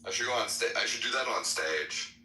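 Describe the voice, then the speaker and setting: A man with a very low, strikingly bright, edgy voice chats casually, swearing and laughing as he goes. The room is echoey and there is faint noise underneath. He talks like a podcast co-host bantering with friends. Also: expressive, brisk. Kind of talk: casual chat. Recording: roomy echo, faint noise.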